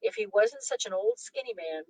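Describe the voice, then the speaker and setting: A man's voice: high voice, lively intonation, normal speed, darkish tone, a little hiss or hum, poor audio. A woman voicing a hot-tempered young husband who blusters and threatens. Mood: angry.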